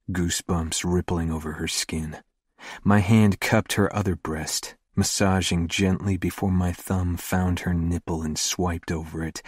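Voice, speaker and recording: A man narrating a first-person romance audiobook in a slow, hushed, intimate delivery. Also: low voice, slightly rough, no echo, studio quality.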